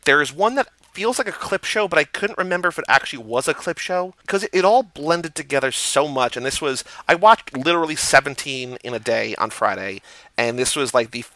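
A man's voice: on the high side, expressive, a little fast, sharp tone, dry recording. A man co-hosting a podcast, chatting casually about TV episodes and briefly acting out lines. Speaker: podcast co-host. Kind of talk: casual chat about a TV show.

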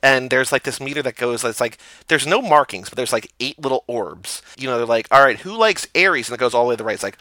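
A man's voice: medium pitch, fast talker, hardly any pauses, sharp tone, no room sound. A man co-hosting a podcast, chatting casually about TV episodes and briefly acting out lines. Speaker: podcast co-host. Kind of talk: casual chat about a TV show.

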